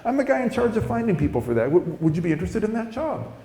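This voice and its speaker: A man preaching puts on an excitable male newsroom recruiter with a voice pitched far above his own. The man talks eagerly and effusively. The sound carries an echo from the room. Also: fast talker.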